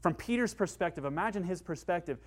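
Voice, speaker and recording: A pastor preaching a passionate sermon, his voice pitched fairly high for a man. He builds to emphatic, forceful peaks and then drops back to a quieter tone. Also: lively intonation, quick pace.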